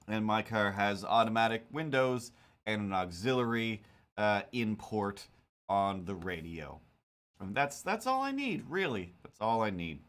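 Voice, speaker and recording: A man's voice: on the low side, big pitch swings, a little slow, fairly bright tone. Rambling, jokey streamer man. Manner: rambling, self-mocking, jokey. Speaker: cartoonist streamer. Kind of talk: casual chat while drawing on stream.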